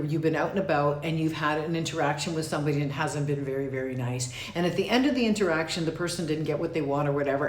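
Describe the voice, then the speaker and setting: Woman, communication coach, low-ish voice, emphatic, roomy echo. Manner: emphatic, slows down to stress key words. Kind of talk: direct-to-camera teaching.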